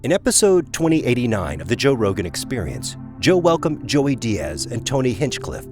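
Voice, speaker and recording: A male narrator reads a scripted story recap in a reflective tone. His pitch swings widely, rising and falling through each line. Soft music sits faintly behind him. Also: sing-song, moderate pace.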